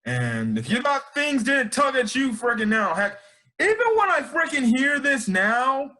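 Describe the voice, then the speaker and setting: A man hosting an anime review, talking in an excitable, slangy, rambling way full of restarts. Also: sits high, moderate pace. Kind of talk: casual chat.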